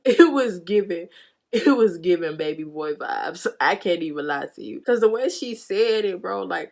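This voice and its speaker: A woman in her twenties telling a storytime vlog in animated, slangy, profane talk, acting out quotes. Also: moderate pace. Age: 20s. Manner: acts out quotes with sudden high jumps. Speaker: vlogger. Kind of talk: storytime chat.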